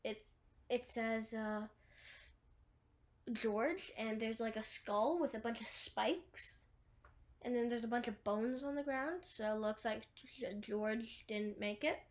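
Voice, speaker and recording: A woman with a fairly high voice speaks slowly as she recaps a movie scene by scene. Her casual, rambling retelling is packed with "like" and restarted sentences.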